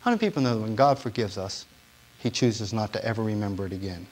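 A man preaching a personal testimony, telling his story and asking the congregation questions, shifting between hushed and emotional passages. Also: lowish voice, fast, a little hiss or hum, low-quality recording. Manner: storytelling, asks the audience questions; swings from quiet to loud and emotional. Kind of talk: sermon testimony.

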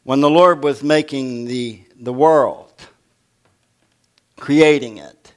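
An older male pastor delivers a sermon in a slow, unhurried cadence. He keeps it folksy and humorous and turns often to the congregation with questions. His pitch sits in an ordinary middle range for a man.

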